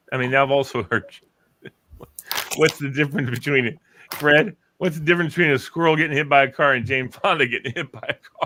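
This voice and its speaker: A man host in casual chat, animatedly retelling old radio bits and acting out the voices. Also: mid-range voice. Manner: animated storyteller, acts out voices. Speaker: show host.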